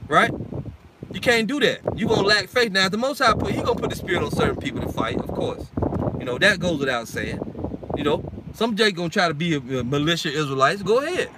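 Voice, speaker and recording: A man's voice: fairly high pitch, expressive, fast talker, very noisy. A man preaching an informal sermon and reading scripture, blunt and heated, swearing often and ending lines with "man.". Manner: heated, blunt and profane, keeps adding "man".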